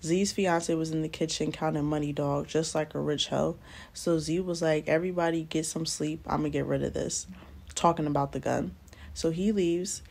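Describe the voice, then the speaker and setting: Young woman vlogger, low and fry-heavy, slangy and blunt storyteller. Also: fairly even intonation, normal speed, darkish tone. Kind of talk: casual storytime narration. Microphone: close mic, doing nails on camera.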